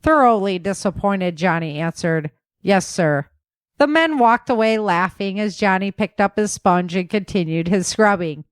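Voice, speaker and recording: A woman reading a novel aloud as narrator, with steady storytelling. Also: medium pitch, moderate pace, few pauses, clear, resonant tone, dry recording. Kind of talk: audiobook narration.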